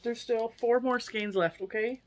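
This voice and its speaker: A woman's voice: fairly high pitch, steady tone, a little slow. A woman in her forties from the US, chatting casually and emotionally while unboxing yarn gifts for her viewers. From United States. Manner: chatty, emotional, laughs often. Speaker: crochet YouTuber.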